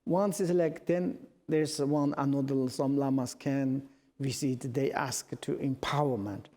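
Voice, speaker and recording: Mellow Tibetan-native man teaching in a hall. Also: medium pitch, fairly even intonation. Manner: halting non-native English with restarts. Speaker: Buddhist teacher. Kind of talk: storytelling dharma teaching. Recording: long reverb of a large hall.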